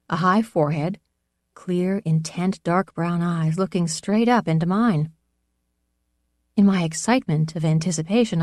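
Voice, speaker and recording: A woman narrating a first-person story in a measured reading voice, sometimes dropping to a soft whisper. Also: low voice, dry recording, studio quality. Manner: measured, drops to a soft whisper at tense moments. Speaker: audiobook narrator.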